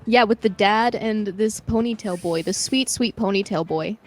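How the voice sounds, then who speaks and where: A woman's voice: mid-range voice, moderate pace, soft background music. Giggly, teasing woman co-streamer. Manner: giggly, teasing sidekick banter. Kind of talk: casual gameplay commentary.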